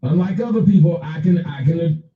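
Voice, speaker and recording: A man hosting a casual livestream, reading viewer chat aloud and answering chatters by name in an animated, profane way. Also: fairly high pitch, normal speed, recorded from a distance. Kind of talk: casual unscripted livestream talk. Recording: echoey room, off-mic, dull lo-fi sound.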